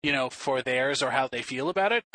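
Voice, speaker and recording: Bright-voiced argumentative man. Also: medium pitch, fairly quick. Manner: argumentative, persistent. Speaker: podcast co-host. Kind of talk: casual podcast chat.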